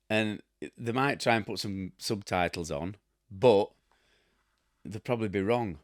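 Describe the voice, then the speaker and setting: A man's voice: on the low side, a little slow, dry recording, clean studio sound. A man in his fifties with a Yorkshire accent, hosting a casual chat and telling rambling, blunt stories with a chuckle. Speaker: host.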